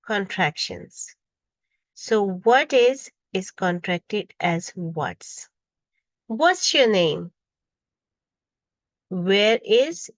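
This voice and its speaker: A woman's voice: medium pitch, no room sound. A woman teaching an English grammar lesson, reading out example questions one by one and stressing each example.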